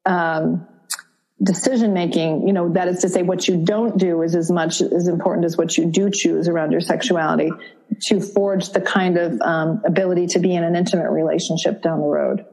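A middle-aged woman from Vermont speaks as a counselor on a podcast, her voice sitting a little low. She explains things in a calm, measured, thoughtful way, building each point step by step. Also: poor audio. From Vermont, USA. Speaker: relationship and sexuality counselor, guest. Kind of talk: podcast interview.

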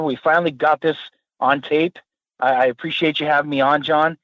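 A man speaking as a guest on a podcast, enthusiastic and a bit halting. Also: a little high, steady tone, no room sound, lo-fi sound. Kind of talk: casual podcast chat.

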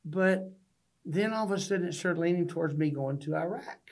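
A podcast guest from Texas tells stories in an earnest, folksy way during a storytelling interview in the studio, often restarting his sentences. He has a high voice and a brisk delivery.

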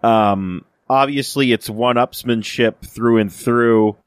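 A man talks through a TV episode in casual podcast chat. He rambles, fills gaps with "um" and "uh", and restarts his sentences. The sound is dry and close, and his voice sits at a middle pitch. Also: slow, smooth, dry recording. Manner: rambling, many fillers and restarts, acts out quoted lines. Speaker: podcast co-host.

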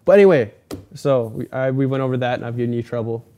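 This is a young man chatting on a podcast, with a dark, mellow tone. He rambles through his story and slips into the voices of the people in it. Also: mid-range voice, fast. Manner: rambling storyteller, acts out quoted people in a raised voice. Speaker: podcast host. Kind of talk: casual chat.

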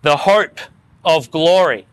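A man's voice: fairly high pitch, slow, clean tone. A man preaching a sermon to his congregation, earnest and rising to fervent emphasis. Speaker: pastor.

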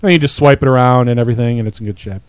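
A man's voice: medium pitch, rapid-fire, clear, resonant tone, no echo. A man co-hosting a podcast in casual chat, joking and explaining things at length. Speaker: podcast co-host.

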